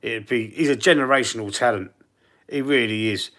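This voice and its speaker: A man's voice: medium pitch, moderate pace, a bit bright. Cockney bloke rambling on his live football stream, chatting to the comments. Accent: Cockney London. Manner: chatty, rambling, reads chat aloud. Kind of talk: casual live-stream chat.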